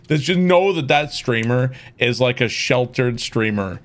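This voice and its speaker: A man's voice: medium pitch, animated, normal speed, fairly bright tone. A man streaming a video game, ranting with exasperation and frequent swearing. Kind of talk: casual gameplay commentary.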